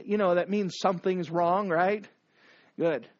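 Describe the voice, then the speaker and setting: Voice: mid-range voice, fairly even intonation, measured pace, lo-fi sound. A preacher giving a sermon, exhorting the listeners with repeated commands and rhetorical questions.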